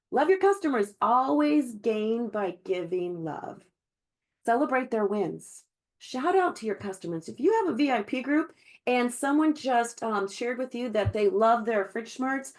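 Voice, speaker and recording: A woman giving an encouraging sales team training over a video call, chatty and full of fillers. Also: on the high side. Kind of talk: virtual team training talk.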